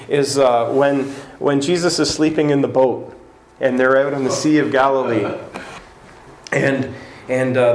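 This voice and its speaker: A man preaching a sermon, conversational and animated, often repeating words as he tells stories. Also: a little high, slight background noise. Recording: roomy hall echo, faint ambience.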